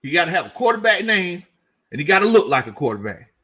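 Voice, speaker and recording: A man's voice: high-pitched, sing-song, fast talker, bright, forceful tone. A man hosting a casual sports commentary livestream, reading out chat comments and joking, repeating lines for emphasis. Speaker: sports show host.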